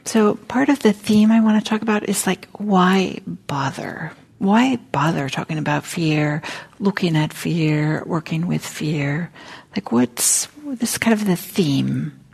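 A woman meditation teacher gives a dharma talk, her words soft and halting and often close to a whisper. Her voice sits fairly low with a gravelly, husky texture. She speaks at a meditation center. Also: expressive.

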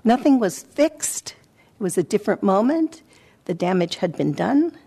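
A woman's voice: mid-range voice, sing-song, vocal fry, husky. Reflective woman giving a dharma talk. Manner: reflective, halting, with soft pauses. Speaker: meditation teacher. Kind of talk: dharma talk, personal storytelling. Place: meditation center hall.

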